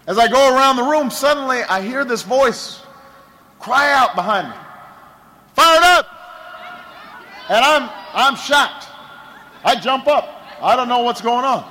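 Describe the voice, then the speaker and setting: A man's voice: extremely high pitch, animated, moderate pace, bright, forceful tone, a little hiss or hum, low-quality recording. A man, a political candidate, giving a campaign rally speech, telling a story with lots of repetition and a rhetorical build, with stammered restarts.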